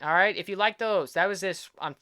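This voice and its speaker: A young man hosting an art channel, chatting casually at home and rambling cheerfully about his old drawings, quick to poke fun at himself. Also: high voice, background noise. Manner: rambling, self-deprecating, upbeat. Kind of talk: casual chat.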